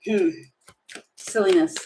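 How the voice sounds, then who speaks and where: A woman's voice: medium pitch, takes it slowly, dark tone, slight background noise, rough recording. A woman giving a casual tarot reading, chatty and giggly, thinking aloud as she turns the cards. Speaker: tarot reader.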